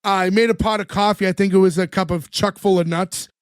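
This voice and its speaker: High-voiced man. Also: fast talker, background noise. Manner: relaxed storyteller, laughs often, acts out lines. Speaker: podcast co-host recapping the episode. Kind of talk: casual podcast chat.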